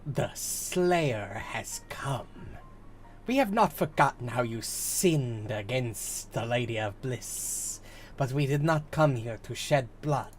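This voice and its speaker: A man's voice: medium pitch, lively intonation, soft background music. A man putting on a stern serpent-tribe envoy. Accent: put-on accent. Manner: slow, formal, measured delivery.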